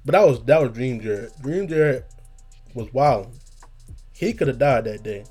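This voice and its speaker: A man's voice: mid-range voice, unhurried, darkish tone, husky. A young man casually telling a profane, laughing story and acting out his own lines.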